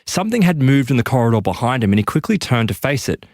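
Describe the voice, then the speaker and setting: A man's voice: very animated, quick pace, a little mellow, dry recording, clean studio sound. A man hosting a podcast, narrating an eerie story with dramatic emphasis. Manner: dramatic, emphatic pitch lifts. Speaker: podcast host.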